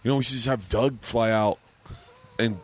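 A man hosting a podcast, chatting casually by a pool, telling stories with lots of swearing and quick laughs. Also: mid-range voice, noisy background. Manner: animated storytelling, swearing, bursts of laughter. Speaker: podcast host. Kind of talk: casual chat. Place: outdoors by a pool.

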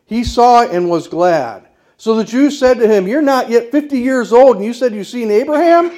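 A man's voice: very high voice, expressive, normal speed, darkish tone. A man preaching a sermon as pastor, emphatic and declarative, putting rhetorical questions to the congregation.

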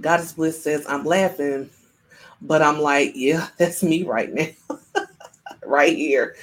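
A woman's voice: deep voice, slow, pauses often, poor audio. A woman hosting a live-streamed spiritual talk, speaking to her viewers in a playful way and acting out little voices. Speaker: spiritual livestream host.

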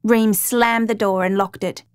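A woman narrating a true crime story in a steady, measured reading voice. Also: mid-range voice, clean tone, no room sound, clean studio sound.

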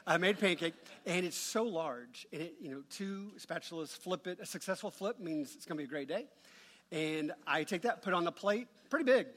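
Middle-aged male pastor, a touch high-pitched, humorous conversational sermon storyteller, church hall reverb. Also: lively intonation, brisk, fairly bright tone.

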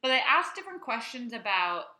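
A young woman co-hosts a casual podcast, her voice bright and sharp with a lively, bouncing pitch. She talks in an animated, chatty way, and the recording carries a roomy echo. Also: brisk. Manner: animated, chatty, playful echoing of her co-host. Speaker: podcast co-host.

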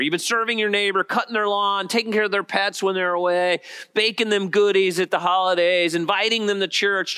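A man preaching a lively sermon as pastor, asking the congregation questions and building to emphatic peaks. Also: high-pitched. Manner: animated preaching, rising to emphatic peaks, asks the crowd questions.

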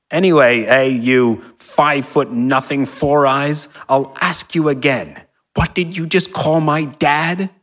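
A man reading a story aloud, voicing a hulking, hot-tempered young pickleball player from New Zealand who shouts and bristles. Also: medium pitch, in a large hall, heavily acted.

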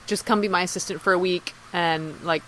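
Woman telling a lively story as a guest. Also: on the low side, fairly quick, slight background noise, rough recording. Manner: lively anecdote-telling, acts out quoted speech. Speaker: podcast guest. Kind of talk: casual storytelling.

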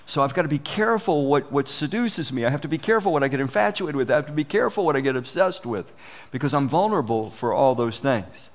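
A man's voice: on the high side, expressive, fast. A man preaching a sermon as pastor, earnest and conversational, often restarting his phrases.

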